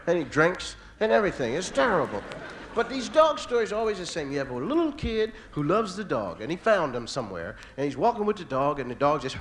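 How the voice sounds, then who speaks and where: A man doing stand-up comedy, telling animated stories and jumping between impressions. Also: a little high, a little fast, slight background noise.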